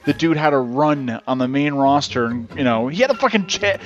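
Rambling, foul-mouthed podcast host. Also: male voice, medium pitch, lively intonation, fairly quick, lo-fi sound, faint music behind. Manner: rambling, swears freely. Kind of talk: casual chat.

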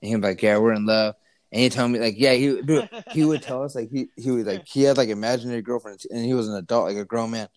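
A man's voice: mid-range voice, quick pace, hardly any pauses, darkish tone, no echo. A young man telling a story in casual chat, rambling with lots of fillers and restarts, teasing his friend.

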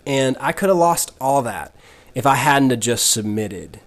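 A man's voice: mid-range voice, expressive, moderate pace. Earnest man preaching on a podcast. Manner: earnest, preacher-like, addresses listener directly. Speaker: podcast host. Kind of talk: devotional podcast teaching.

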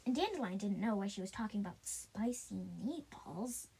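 A woman improvising a told story, halting often with restarts and fillers. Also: medium pitch, expressive, vocal fry, dark tone, slightly rough, rough recording.

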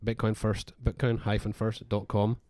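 A man's voice: fairly low pitch, flat delivery, normal speed, dark tone, no echo, clean studio sound. A man co-hosting a podcast in casual, rambling chat full of fillers and restarts. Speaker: podcast co-host.

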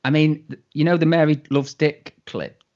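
A man co-hosting a casual podcast chat, chatty, adding quick asides and laughing easily. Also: on the high side, fairly even intonation, a little mellow, highs cut off. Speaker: podcast co-host.

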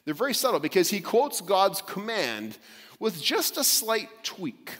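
Animated male preacher in echoey hall. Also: high-pitched, measured pace, faint music behind. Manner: animated, emphatic, repeats words on restarts. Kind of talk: sermon.

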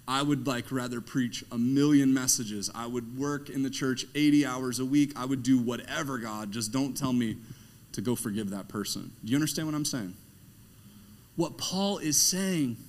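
A man, the pastor, preaching a sermon in a conversational, emphatic way, swinging between hushed moments and loud, animated ones and asking the congregation rhetorical questions. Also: mid-range voice.

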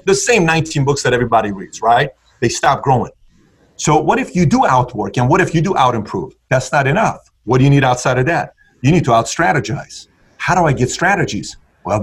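A man's voice: medium pitch, husky. A man telling his story in conversation with an intense, punchy motivational delivery. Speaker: guest entrepreneur.

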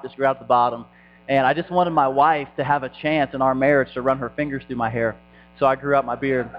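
A man from Indiana who pastors a church, speaking as a guest at a church service with self-mocking humor and lots of ums. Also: medium pitch. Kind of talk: casual sermon talk. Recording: dull sound with faint mains hum.

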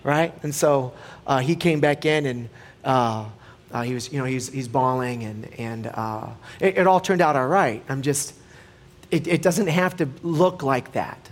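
A man preaching a relaxed sermon as a pastor, telling stories casually with frequent restarts and growing animated in anecdotes. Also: mid-range voice, measured pace. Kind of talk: conversational sermon.

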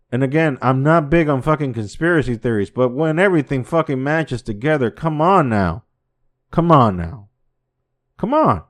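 A man hosting a podcast in profane casual commentary, swearing constantly and repeating himself, swinging from low muttering to loud incredulous outbursts. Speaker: podcast host.

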